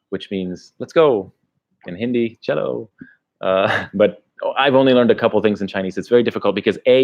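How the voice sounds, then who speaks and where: A man's voice: fairly low pitch, dull audio. A man who vlogs about his travels, chatting casually on a livestream and rambling through answers to viewer questions. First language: English. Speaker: travel vlogger.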